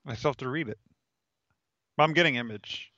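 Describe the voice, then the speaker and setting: A man's voice: medium pitch, brisk, no room sound, muffled recording. Laid-back man in casual chat. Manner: relaxed, laughs often. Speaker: podcast co-host.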